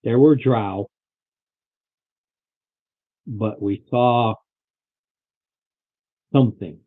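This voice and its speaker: A man voicing a grim, terrified father who threatens adventurers with slow, ominous words. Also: mid-range voice. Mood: haunted. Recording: phone-like lo-fi recording.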